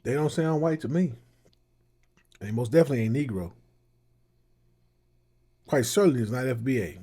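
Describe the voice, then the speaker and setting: Guy doing rambling reaction commentary, kinda husky dark voice. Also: medium pitch, moderate pace. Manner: conversational, loose and rambling. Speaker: commentary host.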